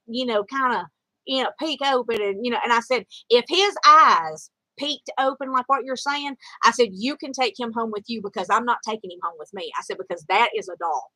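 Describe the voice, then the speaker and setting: A woman's voice: a little high, lively intonation, a little fast, pushed and bright, no room sound, rough recording. A middle-aged woman, telling a casual story in a rambling way with lots of fillers and restarts. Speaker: vlogger.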